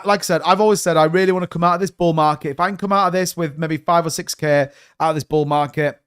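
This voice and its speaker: A man's voice: on the high side, smooth. A man in his thirties, hosting a crypto livestream, talking bluntly and rambling, sometimes swearing. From United Kingdom. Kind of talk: casual livestream chat.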